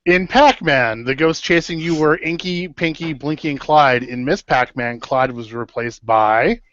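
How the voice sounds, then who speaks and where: A man running a trivia round on a casual arcade podcast, reading questions slowly with a teasing edge. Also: mid-range voice, a bit bright. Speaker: trivia quizmaster. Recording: dull lo-fi sound.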